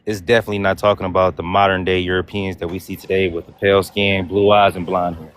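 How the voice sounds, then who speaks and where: A man's voice: low voice, flat delivery, fast, a bit bright. A man on a casual online panel, lecturing with plenty of profanity.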